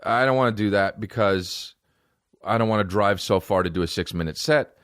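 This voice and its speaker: A man in his thirties hosting a podcast, riffing in a rambling, profane comedic monologue and mimicking people in high mocking voices. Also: normal speed, fairly bright tone, no echo, studio quality.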